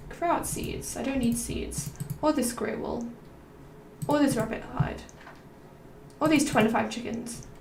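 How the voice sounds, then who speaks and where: A woman streamer musing aloud and rambling between topics while playing a game. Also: a little high. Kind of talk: rambling gameplay stream chat. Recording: roomy, slightly distant mic with faint noise.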